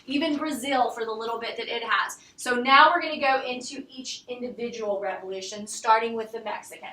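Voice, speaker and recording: A woman's voice: fairly high pitch, a little fast, few pauses, sharp tone, a little hiss or hum. A woman teacher giving a history lecture in a classroom, chatty and joking with her students as she asks them questions. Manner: chatty, jokes and laughs with students. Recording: echoey classroom from far off.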